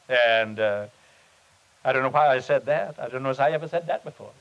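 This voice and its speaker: A man, a pastor, teaching on prayer at a seminar and telling a story in an earnest, halting, unhurried way. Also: medium pitch, a bit bright, highs cut off. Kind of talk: sermon-style teaching with storytelling. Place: seminar meeting.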